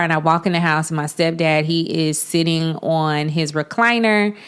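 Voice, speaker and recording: A woman in her thirties from Chicago, a podcast host telling her own story in a candid, animated way and acting out the dialogue. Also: low-pitched, normal speed, hardly any pauses, smooth. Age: 30s. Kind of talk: casual personal storytelling.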